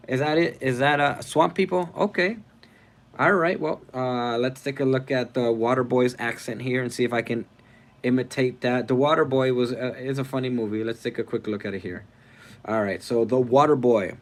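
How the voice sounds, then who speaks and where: A man hosting a casual live stream, reading viewer comments aloud, rambling and thinking out loud as he goes. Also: medium pitch. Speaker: livestream host.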